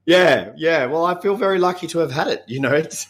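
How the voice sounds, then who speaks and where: A man in his fifties with an Australian accent, a podcast guest talking in a relaxed, reflective way with frequent chuckles and halting restarts. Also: a little high. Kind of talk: casual interview chat.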